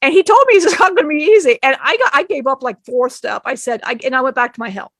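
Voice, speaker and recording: A woman's voice: high-pitched, very animated, fast, fairly bright tone. A woman channeling a spirit, telling an emotional personal story in a rambling way, often acting out what others said and laughing.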